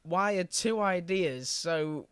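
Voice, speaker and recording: A man's voice: high voice, expressive, slow pace, a bit bright, clean tone, no echo, studio quality. A man co-hosting a podcast in casual chat, blunt and joking with a bit of swearing. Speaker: podcast co-host.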